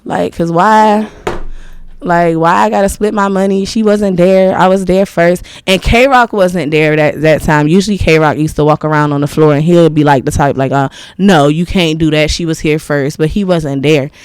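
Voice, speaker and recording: A woman's voice: lowish voice, moderate pace, a little mellow, smooth, no room sound. A woman in her thirties, a podcast guest telling stories in a candid, rambling way, laughing often. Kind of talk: casual interview storytelling.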